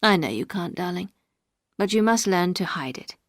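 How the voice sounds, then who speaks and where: A woman voicing a gruff, brooding older aristocratic husband, speaking low, curt and measured. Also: lively intonation, no room sound, studio quality. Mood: weary.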